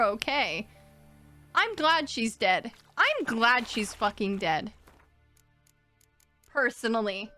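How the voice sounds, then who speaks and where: A young woman rants through live gameplay commentary, cursing freely at what the game throws at her. Her voice is high and bright, and it swings widely in pitch. Game music runs faintly behind her. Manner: profane, exasperated ranting. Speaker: streamer.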